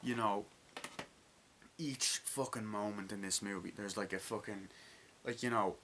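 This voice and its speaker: Bright-voiced man rambling excitedly about a film. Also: lowish voice, unhurried, slight background noise. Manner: rambling, excited, frequent swearing and fillers. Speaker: movie reviewer. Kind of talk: casual spoken film review.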